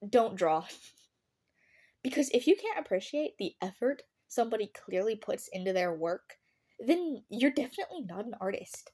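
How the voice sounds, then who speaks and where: A woman's voice: medium pitch, sing-song, moderate pace, darkish tone. A teenage girl talking casually about art as a vlogger, chatty and sarcastic, laughing often and swearing now and then. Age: teens. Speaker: artist vlogger. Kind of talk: casual chat.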